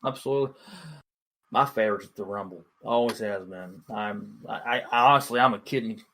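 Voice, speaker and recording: A young man co-hosting a podcast, chatting casually in an excitable, rambling way, full of fillers. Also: lowish voice, fairly quick, creaky, a little hiss or hum. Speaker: podcast co-host. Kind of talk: casual chat.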